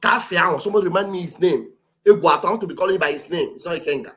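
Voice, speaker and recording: A woman with a Nigerian Igbo accent giving fiery, rhetorical political commentary on a livestream, often rising to shouts. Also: fairly low pitch, rapid-fire. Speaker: livestream host.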